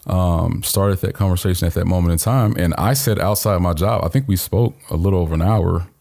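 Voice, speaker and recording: A man's voice: low voice, fairly quick, vocal fry, dark tone. A man co-hosting a podcast in casual conversation, speaking earnestly and openly about his feelings. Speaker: podcast co-host.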